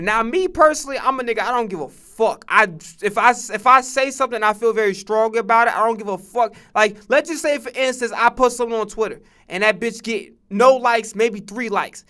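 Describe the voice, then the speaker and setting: Bright, clear-voiced profane streamer man. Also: very high-pitched. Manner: blunt, profane, rambling with many restarts. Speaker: streamer reacting to a video. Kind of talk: casual reaction commentary.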